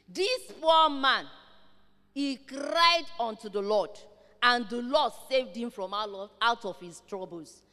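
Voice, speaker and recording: A woman delivers a sermon with fervent, emphatic conviction, pressing each point with rising intensity. Her voice is high and bright with lively intonation, and she takes it slowly. A long reverb trails her words, as if she stands in a large church hall.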